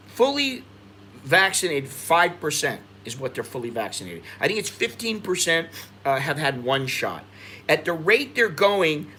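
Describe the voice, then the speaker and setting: An American man talks loosely to his livestream audience and vents his frustration. His voice is bright and forceful and sits a little high for a man, and it climbs further when he gets agitated. Faint background noise sits under the voice. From United States. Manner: frustrated venting, rising in pitch when agitated. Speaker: expat livestream host. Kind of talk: casual livestream commentary.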